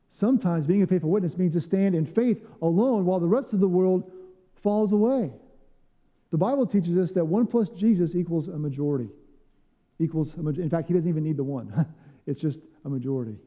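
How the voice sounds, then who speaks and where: Man, pastor, sermon, storytelling with acted-out quotes, long church reverb, lo-fi. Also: fairly high pitch. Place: church sanctuary.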